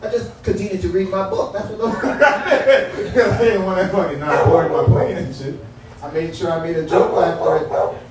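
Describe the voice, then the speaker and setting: Profane comedian echoing in a small club. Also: male voice, high voice, normal speed, far from the mic, a little hiss or hum. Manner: profane, loose, talks straight to the crowd. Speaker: stand-up comedian. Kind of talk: stand-up comedy set. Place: small comedy room at a cannabis lounge. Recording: very echoey room picked up from afar.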